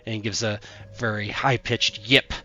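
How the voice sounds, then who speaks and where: Slow, halting male game master. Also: on the low side, steady tone, pushed and bright, muffled recording. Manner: halting, full of fillers. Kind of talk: narrating a tabletop game.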